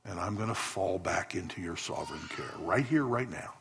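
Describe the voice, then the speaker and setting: A man preaching a sermon and leading a prayer, swinging from soft, near-whispered pleading to loud, high peaks. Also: animated, moderate pace, gravelly. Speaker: pastor.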